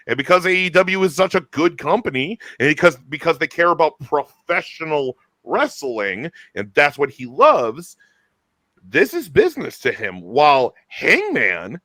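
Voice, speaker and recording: A man hosting a casual chat, talking in an enthusiastic, animated way with quick restarts. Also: medium pitch, no room sound. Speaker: podcast host.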